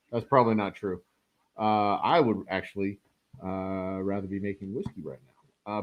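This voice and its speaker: Low-voiced man rambling over a game. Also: big pitch swings, normal speed. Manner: rambling, joking asides, frequent fillers; swears casually. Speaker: game streamer and host. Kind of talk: casual live gameplay commentary. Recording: dull lo-fi sound.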